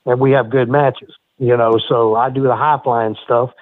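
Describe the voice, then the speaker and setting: A middle-aged former wrestler, a guest on a podcast, telling profane, animated stories full of quoted dialogue. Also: male voice, medium pitch, moderate pace, dry recording. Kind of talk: casual storytelling in a podcast interview. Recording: phone-like line, dry.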